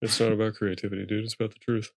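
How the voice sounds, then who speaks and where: A man's voice: fairly low pitch, little pitch movement, very fast, no echo. A young man co-hosting a podcast in casual chat, dry and skeptical in his remarks. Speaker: podcast co-host.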